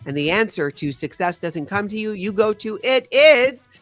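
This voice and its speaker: A woman's voice: medium pitch, expressive, moderate pace, dry recording. Brief: woman host, live stream, upbeat chat reader, dry close sound, faint music under. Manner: reads out chat names and scores, upbeat.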